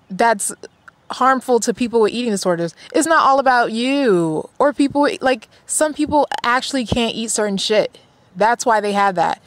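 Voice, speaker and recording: Brief: woman vlogger, blunt exasperated rant full of swearing, mid-pitched voice, close and dry. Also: no echo. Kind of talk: casual commentary rant.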